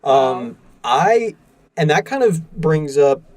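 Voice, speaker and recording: A man co-hosting a podcast, talking through ideas in a thoughtful, measured way. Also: on the high side, big pitch swings, over a noisy crowd. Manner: thoughtful, measured, many fillers. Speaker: podcast co-host. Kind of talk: casual film discussion.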